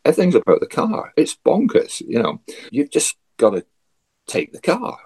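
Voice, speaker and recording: A man's voice: on the high side, wildly swooping pitch, normal speed, darkish tone, slightly rough. A Scottish man from Scotland, a guest telling a travel story in a chatty way, with wry asides and frequent laughs. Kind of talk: casual storytelling.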